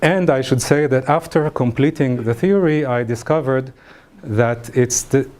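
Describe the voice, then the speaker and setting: A man giving an academic lecture, halting, with many fillers and restarts. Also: mid-range voice, a little mellow.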